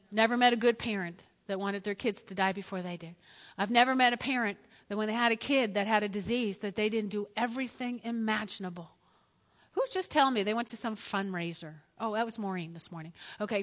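Bright-voiced woman preaching in a hall. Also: medium pitch. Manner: animated storytelling, acting out quotes. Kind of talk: lively sermon.

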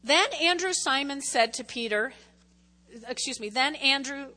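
A woman's voice: high-pitched, animated, measured pace, bright, forceful tone. A woman preaching a chatty, conversational sermon, often checking in with her congregation. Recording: long echoing hall reverb.

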